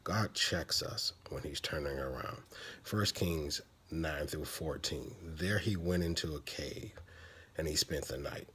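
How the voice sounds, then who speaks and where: A man's voice: a bass voice, unhurried, pushed and bright, breathy edge. A man preaching a devotional sermon, dramatic and sometimes dropping to a whisper for emphasis.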